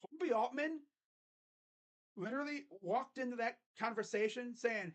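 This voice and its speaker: A fan streamer calling a basketball game live, play-by-play style, mixing excited calls with sarcastic jokes and quiet mutters. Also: mid-range voice, a little slow. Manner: joking, sarcastic asides. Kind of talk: casual live play-by-play reaction.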